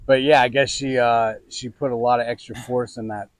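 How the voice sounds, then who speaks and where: A young man telling a story in casual chat while fishing outdoors, animated and swearing freely. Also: mid-range voice, brisk, no echo, rough recording. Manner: animated, swearing, mimics others in quotes. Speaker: podcast co-host.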